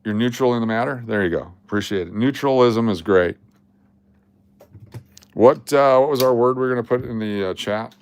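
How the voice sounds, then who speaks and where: A man's voice: medium pitch, fast, few pauses, clear, resonant tone. A man hosting a casual livestream, talking to his chat in a blunt, joking, rambling way. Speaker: livestream host.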